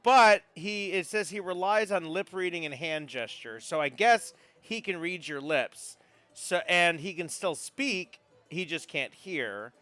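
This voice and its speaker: Male game master, bright and crisp, a bit high, casual narration. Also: lively intonation, a little slow, soft background music.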